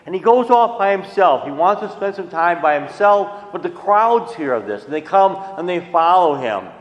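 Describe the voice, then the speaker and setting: A man's voice: high-pitched, lively intonation, normal speed, echoey room, big-room sound, poor audio. A man giving a sermon as a priest, in a conversational way with folksy asides. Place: church.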